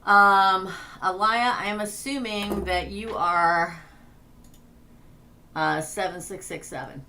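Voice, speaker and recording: A woman's voice: mid-range voice, fairly even intonation, takes it slowly, sharp tone, a little hiss or hum. A woman tarot reader hosting a casual livestream, chatting, laughing and reading names off a list.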